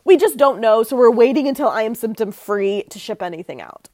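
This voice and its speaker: A woman co-hosting a podcast who tells stories in a lively, chatty way, sprinkling in filler words. Her slightly high voice swings widely in pitch. The sound is dry and close to the mic. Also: a little fast, no echo. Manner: animated storyteller, frequent "like". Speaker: podcast co-host. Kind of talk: casual chat.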